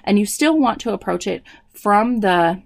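A woman in her thirties giving parenting advice, explaining tips clearly and slipping into quoted dialogue. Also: mid-range voice, animated, measured pace, no room sound. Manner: warm explanatory, acts out quoted dialogue with kids. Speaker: parenting educator. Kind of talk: advice talk.

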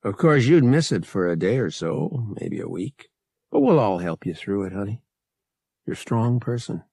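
A man playing a roguish young pilot who teases gently and reassures tenderly. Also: fairly low pitch, very animated, normal speed, gravelly, husky, no echo, studio quality, full character voice. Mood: reassuring.

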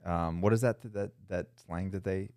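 A man's voice: low-pitched, steady tone, moderate pace, a little mellow, dry recording, studio quality. A man hosting a podcast, talking in a loose, casual way with swearing and "bro.". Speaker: podcast host. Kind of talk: casual interview chat.

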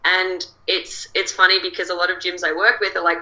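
Aussie woman coach on a video call, kinda low but super bright tone, bubbly. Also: little pitch movement, brisk, few pauses, low-quality recording. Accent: Australian. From Australia. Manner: chatty, bubbly, laughs often. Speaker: coach and guest. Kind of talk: casual interview chat.

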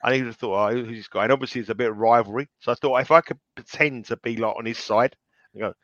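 A man chats on a podcast in a rambling, self-deprecating way, stumbling and restarting his sentences. His voice sits at a middle pitch. The recording is dry and a little dull, lo-fi. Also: steady tone, fast, a bit bright, no echo. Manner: rambling, self-mocking storyteller with many restarts. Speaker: podcast co-host, betting tipster. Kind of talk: casual podcast chat. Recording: slightly dull lo-fi sound.

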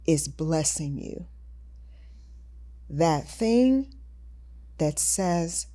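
A woman hosting a podcast, speaking in a measured, reflective, teaching way. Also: mid-range voice, lively intonation, warm tone. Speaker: podcast host. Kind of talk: reflective conversation.

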